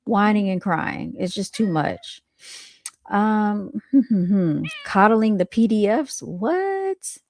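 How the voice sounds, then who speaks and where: A woman's voice: medium pitch, slow, a little mellow, dry recording, studio quality. A woman streaming a reaction to clips, chatting casually with her viewers and laughing often.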